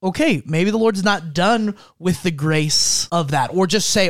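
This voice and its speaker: A man explaining prayer in a calm, measured, teaching way. His voice sits a little high for a man. The recording is dry, with no room echo. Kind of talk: casual faith discussion.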